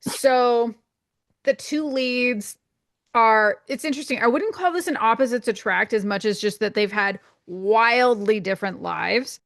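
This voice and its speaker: Gravelly Canadian woman, dry close sound. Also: fairly high pitch, a bit bright, no room sound. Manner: rambling explanations, quick asides, frequent laughs. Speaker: podcast co-host. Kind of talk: casual chat.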